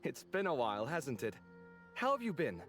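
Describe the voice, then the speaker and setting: An actor voicing an expressive, easily indignant young architect in a game, full of quick banter. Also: male voice, mid-range voice, soft background music. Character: dramatic, sociable young male architect. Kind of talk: game voice acting.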